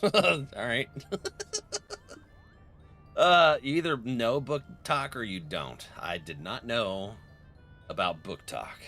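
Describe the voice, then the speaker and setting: Gravelly, laughing young streamer guy. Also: mid-range voice, animated, slow, long pauses, sharp tone, soft background music. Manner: laughs often, chats with viewers. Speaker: game streamer. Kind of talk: casual live-stream chat.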